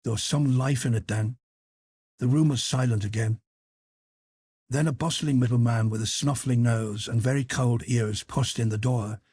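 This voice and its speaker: A man reading classic literary fiction aloud as an audiobook narrator, measured and even. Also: mid-range voice, husky, dry recording, studio quality.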